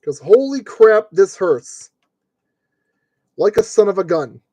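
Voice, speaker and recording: Mellow-voiced man grumbling through a build. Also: high voice, big pitch swings, slow pace, dry recording. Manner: grumbling, joking self-talk while working. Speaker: model kit builder streaming. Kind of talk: live-stream building commentary.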